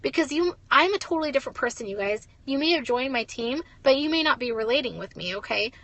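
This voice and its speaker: A woman's voice: high-pitched, animated, quick pace, fairly bright tone, no room sound. A young woman giving a blunt, ranting motivational talk as a network marketing leader, swearing and saying "like" a lot.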